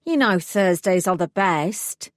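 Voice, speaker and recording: A woman's voice: lowish voice, lively intonation, slow pace, dry recording, studio quality. Woman doing a whining petty crook. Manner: pleading, insistent. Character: whining man pleading with gang gatekeeper.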